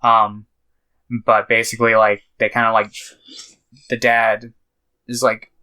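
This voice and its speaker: A man's voice: on the low side, monotone, a little slow, pushed and bright, clean tone, low-quality recording. A young man co-hosting a podcast, casually recapping a movie scene by scene, swearing freely and acting out the characters' lines. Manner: loose, profane retelling with quoted lines. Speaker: podcast co-host.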